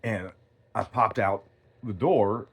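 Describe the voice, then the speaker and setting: A man with a lowish voice rants casually to his audience. He tells a rambling story full of swearing and false starts. His tone stays blunt and unfiltered, with a pitch that sits on the low side. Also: slow pace, creaky, husky. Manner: profane, rambling storytelling, loud when reenacting quotes. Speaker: streamer. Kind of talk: casual rant.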